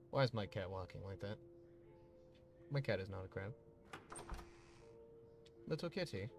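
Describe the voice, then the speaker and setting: Guy streaming a horror indie game, chatty and rambly, lowish voice, faint game music behind. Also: animated, a little slow, long pauses. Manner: chatty, rambling, uses many fillers. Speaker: gaming livestreamer. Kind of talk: casual livestream commentary.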